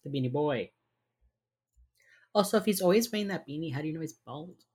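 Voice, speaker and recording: Recapping a TV episode on a podcast she co-hosts, a woman acts out the characters' lines in a casual chat despite a mild speech impediment. Her deep, slightly mellow voice is brisk and lively in intonation, with a breathy edge.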